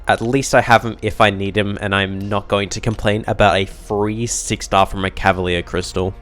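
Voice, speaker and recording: A man giving calm, matter-of-fact commentary as he plays a mobile game and opens rewards. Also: on the low side. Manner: measured, matter-of-fact narration of crystal openings. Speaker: gaming YouTuber. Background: background music.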